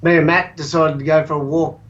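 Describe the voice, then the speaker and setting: An Australian musician, a guest on a podcast, telling stories in a slow, halting way with many pauses. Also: male voice, on the high side, little pitch movement, fairly bright tone, lo-fi sound. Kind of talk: casual chat.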